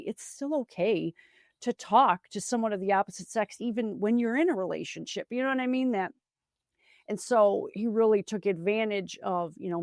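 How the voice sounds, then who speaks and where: A woman's voice: mid-range voice, creaky, a little mellow, no echo, clean studio sound. A young adult woman, a podcast guest, telling her own story in a reflective way with many fillers. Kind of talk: personal storytelling in an interview.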